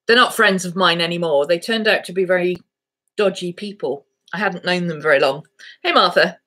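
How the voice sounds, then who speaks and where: A woman's voice: lowish voice, brisk, bright, forceful tone. A woman vlogger chatting casually to camera, rambling through a story and cooing baby talk at her dogs.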